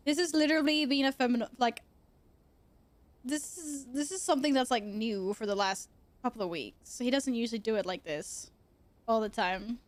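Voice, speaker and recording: A woman's voice: a little high, normal speed. A young woman streaming from her computer at home, chatting casually, swearing freely and cooing at her cats. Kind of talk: casual chat.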